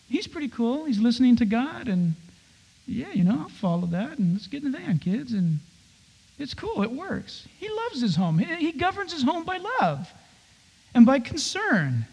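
A man's voice: high voice, a little mellow, big-room sound, dull audio. A man preaching a conversational sermon as a pastor, slipping into playful acted-out asides.

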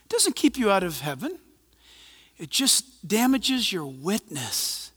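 A man preaching in a church, his bright voice swinging up and down as he talks. He keeps it conversational and animated, with joking asides. The sound rings with a long hall reverb. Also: high-pitched, takes it slowly, breathy edge. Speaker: pastor. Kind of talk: sermon.

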